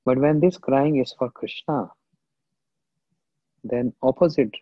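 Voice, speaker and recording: A spiritual teacher, a man with a husky mid-pitched voice, gives a slow, reflective devotional lecture, pausing often and quoting verses in an Indian language. The audio is tinny and phone-like, dry and close, with no echo.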